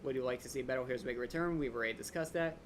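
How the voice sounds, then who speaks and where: A young man hosting a live Q&A stream, rambling quickly and eagerly with lots of fillers, his voice a little drained. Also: medium pitch, slight background noise. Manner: fast, excited fan rambling with many "like" fillers. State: voice a bit drained. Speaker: channel host answering viewer questions.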